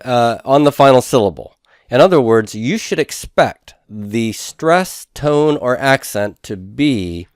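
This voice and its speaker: A man teaching a recorded lesson in a methodical way, repeating each word slowly for his students. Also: lowish voice, no echo, studio quality. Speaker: Hebrew instructor. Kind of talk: recorded lecture over handouts.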